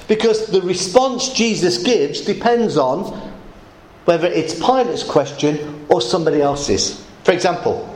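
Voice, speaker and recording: Male preacher, emphatic sermon, high lively voice, echoey hall, faint noise. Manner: animated, emphatic, explaining step by step.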